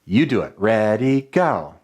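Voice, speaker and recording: A man teaching a children's music lesson, his voice leaping up into a sing-song for the rhythm chants. He speaks slowly and deliberately, with very animated intonation and warm encouragement. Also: fairly low pitch, heavy background noise. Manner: clear, encouraging classroom call-and-response.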